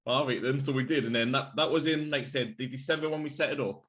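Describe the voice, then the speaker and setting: A man's voice: medium pitch, fast talker, fairly bright tone. A man co-hosting a casual podcast over beers, telling rambling stories full of "like" fillers and swearing. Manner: rambling storyteller, swears freely, many "like" fillers. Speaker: podcast co-host.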